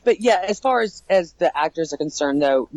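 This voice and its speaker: A woman who manages and trains the cast of a haunted attraction, talking in a casual interview, animated, laughing often and restarting her sentences. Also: sits low, moderate pace, no echo, rough recording.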